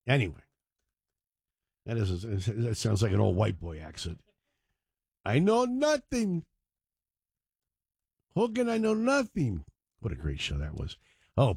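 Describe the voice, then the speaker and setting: A man's voice: medium pitch, no room sound, clean studio sound. A man hosting a talk radio show, rambling and digressing with joking asides. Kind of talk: casual talk radio monologue.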